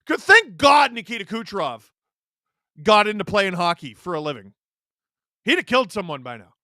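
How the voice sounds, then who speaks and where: A man's voice: high voice, sing-song, moderate pace, bright, forceful tone, no echo, studio quality. A man hosting a live stream, giving casual sarcastic commentary while watching a game and reading chat questions aloud. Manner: sarcastic, joking banter.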